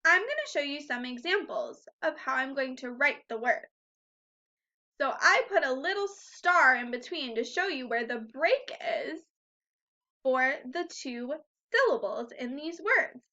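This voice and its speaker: A woman with a high, bright voice leads a recorded phonics lesson for first graders. She speaks slowly and patiently, encouraging the children as she goes. The recording sounds a bit dull and lo-fi. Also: expressive. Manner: slow, patient, encouraging teacher talk to young children.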